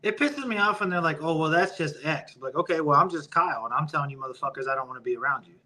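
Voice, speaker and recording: A man's voice: on the high side, animated, rapid-fire, bright, forceful tone, rough recording. A man hosting a podcast, ranting heatedly and profanely in casual conversation. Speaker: podcast host.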